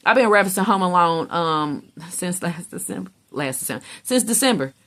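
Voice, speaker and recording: A woman's voice: fairly low pitch, animated, a little fast, a bit bright. A woman giving a casual tarot reading in a blunt, emphatic way, swearing freely and acting out how other people react. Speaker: tarot reader.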